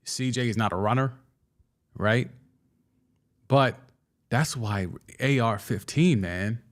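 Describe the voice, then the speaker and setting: A young man hosting a casual sports talk show, excitedly giving his takes and answering viewer comments, often restarting and stumbling over his words. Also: mid-range voice, takes it slowly. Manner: excitable, with frequent restarts and stammers. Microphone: studio microphone.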